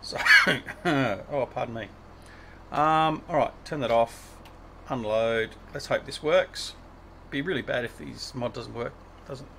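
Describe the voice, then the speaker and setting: A man's voice: mid-range voice, slow, vocal fry, pushed and bright, a little hiss or hum. Chatty man hosting a gaming stream. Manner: chatty, teasing, thinking aloud while playing. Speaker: livestream host. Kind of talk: casual gaming livestream chat.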